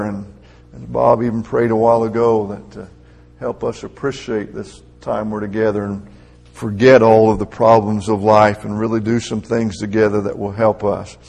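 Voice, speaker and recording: A man's voice: fairly low pitch, level tone, moderate pace, gravelly, darkish tone, husky. A middle-aged man preaching a conversational sermon, building to emphatic, raised peaks.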